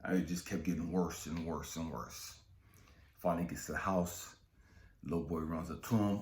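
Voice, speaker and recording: A man's voice: deep voice, fairly even intonation, normal speed, darkish tone. A man, a spiritual coach, telling a motivational story in a street-casual, profane way, often checking in with his listeners. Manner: street-casual, profane, keeps asking "you know what I mean". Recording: roomy echo.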